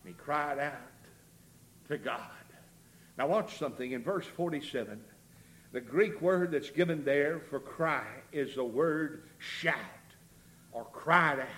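A man preaching a revival sermon with a high, bright, cutting voice. He surges into shouted appeals and then drops down low and hushed, pleading with the congregation. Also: a little slow. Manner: impassioned, rising into shouts and dropping low.

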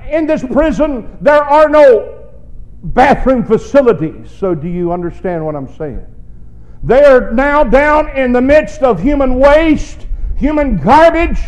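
A man preaching a sermon, swinging between booming shouts and low, hushed asides. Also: poor audio.

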